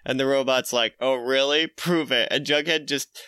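Casual male co-host, bright and forceful, quick voices for characters. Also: mid-range voice, steady tone, clean tone, no echo. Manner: laughs often, puts on quick voices for characters. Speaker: podcast co-host retelling a comic. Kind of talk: casual comedic recap chat.

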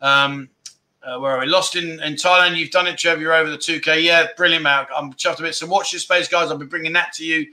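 A man's voice: fairly high pitch, steady tone, a little fast, bright, forceful tone. A man hosting a casual livestream chat, effusive and chatty as he keeps thanking his viewers. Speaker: livestream host.

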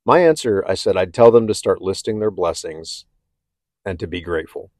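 A man talking candidly and haltingly about his own struggles, with many restarts. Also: sits low, expressive, darkish tone, no echo, clean studio sound. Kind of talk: personal reflective talk.

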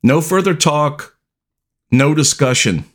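Slow, deliberate man telling a story. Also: fairly high pitch, expressive, fairly bright tone. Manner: slow, deliberate, with long pauses. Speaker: podcast host. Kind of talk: personal storytelling monologue.

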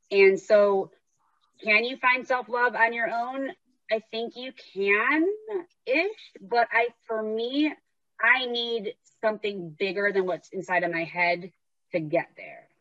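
A woman's voice: fairly high pitch, takes it slowly, fairly bright tone, no echo, dull audio. A woman talking casually as a podcast host, telling stories and acting out the voices in her head. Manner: chatty storyteller, acts out inner voices. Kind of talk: casual conversation.

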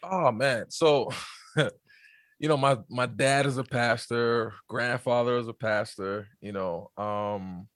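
A man's voice: medium pitch, slow pace, dry recording, clean studio sound. A man, a pastor chatting easily as a podcast guest and laughing often. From New York, USA. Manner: relaxed, easygoing, laughs often. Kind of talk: casual interview chat.

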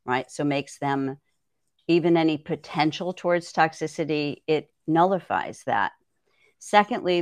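A woman's voice: low voice, no room sound, studio quality. A woman herbalist guest on a podcast, explaining things thoughtfully and often checking in with "right?". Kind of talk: conversational podcast interview.

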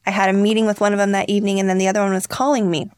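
A woman's voice: medium pitch, flat delivery, very fast, a little mellow, smooth, dry recording, studio quality. A young woman, a podcast guest and founder, telling stories earnestly and acting out what people said. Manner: earnest, storytelling, acts out quotes. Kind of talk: candid interview talk.

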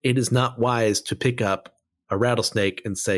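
A man talks through a Bible passage in a casual, blunt way. He states strong opinions plainly and keeps drifting onto side tangents before returning to his point. His voice sits in an ordinary middle pitch. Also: steady tone, moderate pace. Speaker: Bible study teacher.

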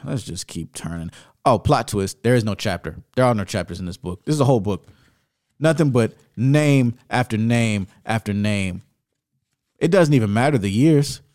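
Animated, sarcastic man reading aloud. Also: on the low side, moderate pace, no room sound, studio quality. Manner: emphatic and sarcastic, with rising indignation. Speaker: video host reading from a book.

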